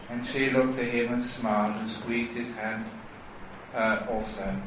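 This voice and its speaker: A man, a Buddhist monk teacher, gives a dharma talk at a temple retreat, telling stories with lively, laughing delivery. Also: medium pitch, noisy background. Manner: animated, laughing, drawn-out. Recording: very echoey hall, mic far off.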